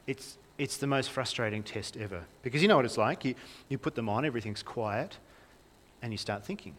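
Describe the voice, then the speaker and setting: A man's voice: medium pitch, fairly quick, a bit bright. A young man preaching a sermon in a conversational way, often asking the congregation questions. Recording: reverberant hall.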